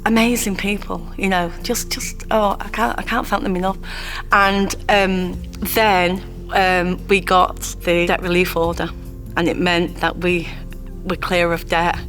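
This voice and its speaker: A woman speaks in a low, heartfelt voice, sharing a personal story with pauses and restarts. Soft music plays underneath her. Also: little pitch movement. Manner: emotional, heartfelt, halting. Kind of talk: personal testimony.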